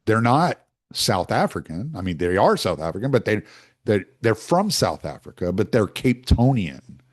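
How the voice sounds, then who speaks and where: A man's voice: fairly low pitch, normal speed. A man talking through his views in a casual, rambling monologue, often restarting his sentences. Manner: animated, rambling, with frequent restarts.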